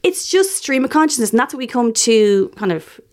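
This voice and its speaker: A woman's voice: fairly high pitch, very animated, fairly quick, darkish tone. A woman, a chatty and wry entertainment commentator on a podcast. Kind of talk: casual chat.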